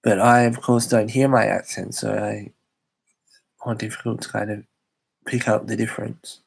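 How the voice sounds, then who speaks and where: A man's voice: lowish voice, level tone, moderate pace, creaky, slight background noise. A young Australian man chatting casually on a live stream, rambling and hesitant with many fillers.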